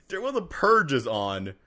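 A man co-hosting a casual podcast chat, riffing in quick excitable bursts and laughing often. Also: mid-range voice.

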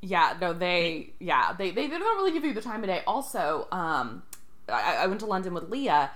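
Podcast woman, bright voice, swoops up and down a lot, laughs while telling stories. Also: on the low side, moderate pace. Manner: laughing, lively storytelling. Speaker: podcast co-host. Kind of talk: casual chat about a sitcom episode.

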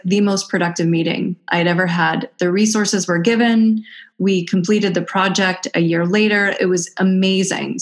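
A middle-aged woman, an Ayurvedic practitioner, telling personal stories in casual conversation and acting out the voices of others. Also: mid-range voice. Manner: animated, acts out quoted voices.

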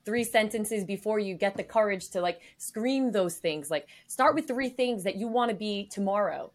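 A woman's voice: medium pitch, moderate pace. A young woman co-hosting a podcast, chatting casually with enthusiastic affirmations. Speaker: co-host.

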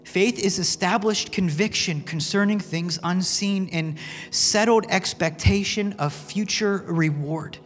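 This high-pitched man is a pastor delivering a sermon at a measured pace, sharing stories casually and earnestly with fillers such as "man." He's heard in a church sanctuary, where long reverb and faint music fill the recording.

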